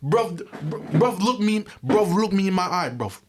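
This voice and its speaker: A man's voice: high-pitched, lively intonation, moderate pace, slight background noise, pitched above the performer's own voice. An American man doing an exasperated young British man with a put-on London accent, ranting and repeating slang tags.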